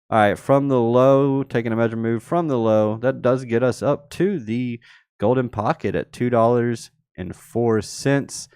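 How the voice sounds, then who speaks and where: On a live crypto stream, a man casually breaks down market charts and responds to his chat. His medium-pitched voice is measured and a little mellow, clean in tone, with studio quality and no echo.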